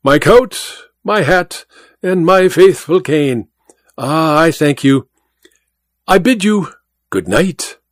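A suave masked magician bows out with mock-gracious courtesy, as a male narrator puts him on. The voice sits higher than the reader's own and stays close and dry. The manner is courtly and quietly sly. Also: expressive, slow, long pauses, dry recording.

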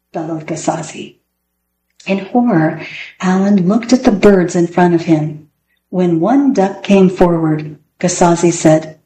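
A woman reading picture books aloud, with clear, expressive storytelling. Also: on the low side, unhurried. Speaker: storybook reader. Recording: roomy echo.

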